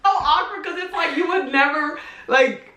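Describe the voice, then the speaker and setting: A woman's voice: sits high, normal speed, background noise. A young woman vlogger telling a family story in casual chat, acting out quotes and laughing often. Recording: echoey room.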